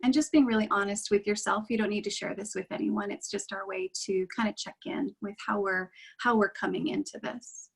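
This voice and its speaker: Woman meditation guide: unhurried, reassuring delivery, slightly breathy tone. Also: mid-range voice, steady tone, low-quality recording.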